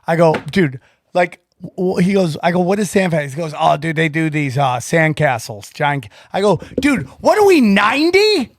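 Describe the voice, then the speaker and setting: A middle-aged man hosting a podcast, telling a story with excited energy, swearing freely and acting out both sides of a conversation. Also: on the high side, normal speed, dry recording. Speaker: podcast host. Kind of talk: casual chat, storytelling.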